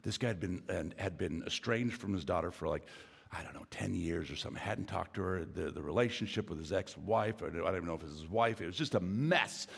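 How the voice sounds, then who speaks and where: A man's voice: sits low, fairly quick, creaky, husky, in a large hall. A middle-aged male pastor preaching a sermon, telling a story and building to emphatic preaching.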